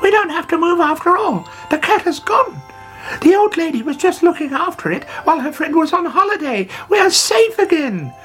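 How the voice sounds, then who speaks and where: A woman voicing an excited little male mouse in a storybook, with a high squeaky voice. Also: normal speed, faint music behind, exaggerated voice.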